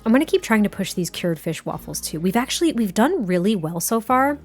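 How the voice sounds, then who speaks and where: A woman giving casual gameplay commentary as a YouTuber, chatty, giddy and quick to laugh. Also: medium pitch, very animated, darkish tone, soft background music.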